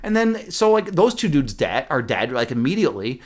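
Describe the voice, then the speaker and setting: A man's voice: mid-range voice, sing-song, moderate pace. A young man from the Midwestern US hosting a casual livestream, rambling, swearing freely and joking with his chat. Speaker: livestream host.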